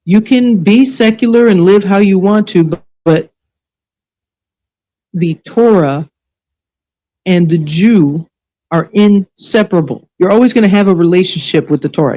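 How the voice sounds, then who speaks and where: A woman hosts a live online show and rants in anger, swearing freely and firing off sarcastic rhetorical questions. Her voice is dark and mellow even at its most heated. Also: fairly low pitch, normal speed, dull audio. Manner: angry, profane, sarcastic. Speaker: livestream show host. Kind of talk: ranting live commentary.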